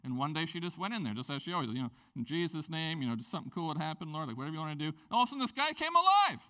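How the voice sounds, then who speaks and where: A middle-aged male pastor from Canada preaching a sermon, telling stories with energy and acting out the people he quotes. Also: rapid-fire. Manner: animated storytelling, acts out quoted voices with big pitch jumps.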